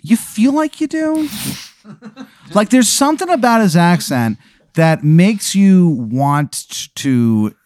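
A man's voice: high-pitched, animated, takes it slowly, a little mellow, dry recording. A man improvising an absurd second-person story, rambling and profane with many fillers. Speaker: comedy podcast host.

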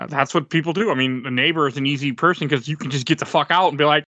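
A man's voice: on the high side, fast talker, sharp tone, no room sound. A man co-hosting a movie podcast, bantering bluntly with swearing. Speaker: podcast co-host. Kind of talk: casual movie podcast chat. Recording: muffled lo-fi mic.

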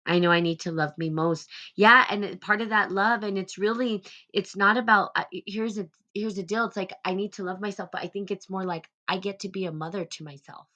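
A woman hosting a live stream, talking casually about self-love in a gentle, rambling way. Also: mid-range voice, fairly even intonation, fairly quick, few pauses. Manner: rambling, gentle, many "like" fillers. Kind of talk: casual spiritual self-help talk.

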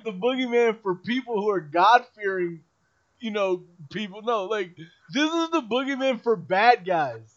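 Slangy, animated man on a podcast. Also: high voice, measured pace. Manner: animated, slangy, full of fillers. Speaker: podcast co-host. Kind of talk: casual chat. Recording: dull lo-fi sound.

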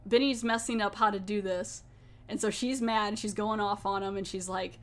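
A woman's voice: medium pitch, fairly even intonation, moderate pace. A woman hosting a podcast, talking in a chatty, rambling way and laughing often. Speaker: podcast host. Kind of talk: casual chat.

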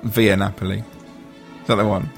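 A man's voice: fairly low pitch, flat delivery, a little slow, gravelly, over music. A man hosting a casual chat, rambling and joking as he talks. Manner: chatty, rambling, jokey. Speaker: podcast host.

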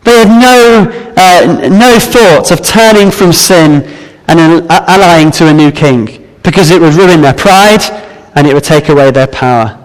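A man preaching a sermon, explaining a Bible passage in an earnest, measured way. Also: a little high. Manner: earnest, measured Bible exposition with some restarts. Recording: reverberant hall.

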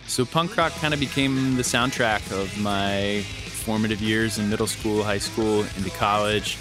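A man's voice: on the low side, fairly even intonation, moderate pace. A man in his forties hosting a podcast, reading an enthusiastic, earnest intro. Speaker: podcast host. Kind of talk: scripted intro narration. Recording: guitar music under the voice. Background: guitar music bed.

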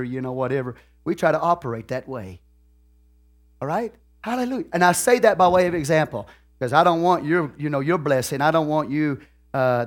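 A man with a Texan accent preaching a sermon as pastor, folksy and peppered with "okay?" and "hallelujah", swinging from soft asides to shouted lines. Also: mid-range voice.

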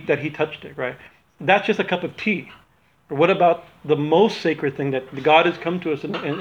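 A man giving a loose, rambling religious talk, often checking in with "right?" His voice sits a bit high for a man. The recording is dull and lo-fi. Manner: rambling, keeps asking "right?". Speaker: spiritual teacher.

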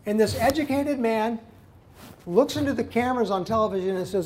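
A man preaching a sermon, swinging between loud, fiery outbursts and quiet, earnest passages. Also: high-pitched, a little fast, slight background noise. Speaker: pastor.

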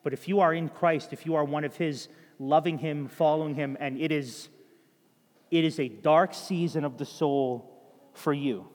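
A man's voice: on the high side, moderate pace. Earnest male preacher in a reverberant hall. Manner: earnest, direct exhortation in short repeated phrases. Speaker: pastor. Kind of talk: sermon. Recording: long reverb of a large hall.

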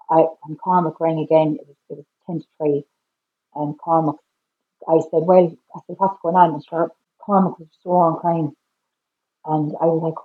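A woman's voice: fairly low pitch, narrow, tinny audio. A middle-aged woman with an Irish accent, a podcast guest telling a painful personal story, repeating herself and acting out the dialogue with her voice climbing. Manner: repeats "I said" constantly, re-enacts dialogue with rising voice.

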